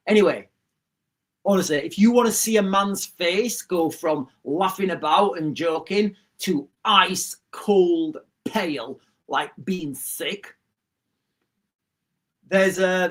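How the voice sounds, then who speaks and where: A middle-aged man, hosting a livestream and telling a rambling story to his chat with many restarts. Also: high voice. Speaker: livestream host. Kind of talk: casual storytelling to a live chat.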